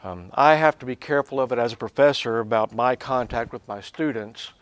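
A man who is a professor, teaching a Bible lesson in a lively way, swinging from quiet asides to loud, emphatic bursts. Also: mid-range voice, fairly quick, dry recording.

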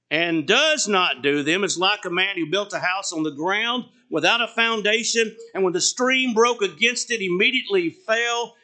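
Bright-voiced, slow-preaching male pastor. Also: sits high. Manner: emphatic preaching, drawn-out phrase endings, rhetorical questions. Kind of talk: sermon.

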